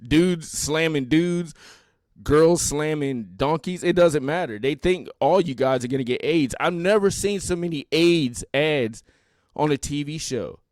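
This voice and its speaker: A man's voice: on the high side, a little slow, darkish tone, no echo, studio quality. A man hosting a podcast in casual, mocking comedic commentary with laughing asides. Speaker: podcast host.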